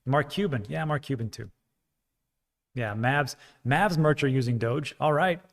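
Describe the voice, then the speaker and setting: Gravelly man hosting a casual livestream. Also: medium pitch, unhurried. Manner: rambling, frank, self-deprecating, with frequent fillers. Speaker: crypto livestream host. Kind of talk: casual livestream chat reading viewer comments.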